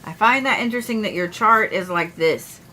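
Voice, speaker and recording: A woman chatting casually on a livestream, grumbling and swearing, her voice swinging from loud to mumbled asides. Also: medium pitch, normal speed, a little hiss or hum, rough recording. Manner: grumbling, profane, drifts between loud and mumbled. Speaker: astrology streamer.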